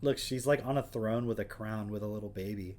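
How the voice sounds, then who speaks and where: A man's voice: lowish voice, brisk, a little mellow. Wry man reading aloud on stream. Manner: wry, sarcastic asides between read passages. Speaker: livestream host. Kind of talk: casual livestream commentary, reading aloud.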